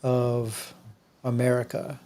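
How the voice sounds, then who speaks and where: A man joining a livestream as a guest, chatting casually and in a relaxed way. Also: medium pitch, slow. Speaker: guest on stream. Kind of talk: casual chat.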